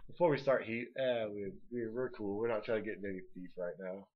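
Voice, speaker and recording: A man's voice: on the low side, fast. Guy cohosting a wrestling podcast, cusses a lot, trips over his words, dull muffled audio. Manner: blunt, swears a lot, stammers on restarts. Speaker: podcast co-host. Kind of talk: casual wrestling chat. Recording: dull lo-fi recording.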